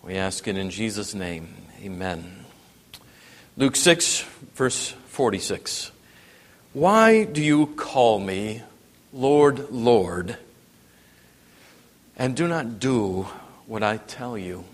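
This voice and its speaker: A man preaching a sermon, dropping to a hush and then rising to emphatic, raised passages. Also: fairly low pitch, expressive, slow. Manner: wide swings from hushed to emphatic preaching. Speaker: pastor. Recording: long reverb in a hall.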